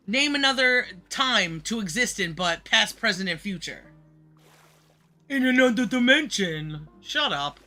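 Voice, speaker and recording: A man's voice: high-pitched, lively intonation, takes it slowly, pauses often, bright, forceful tone, faint music behind. A man livestreaming a reaction, ranting angrily and mockingly with heavy swearing. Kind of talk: profane reaction rant.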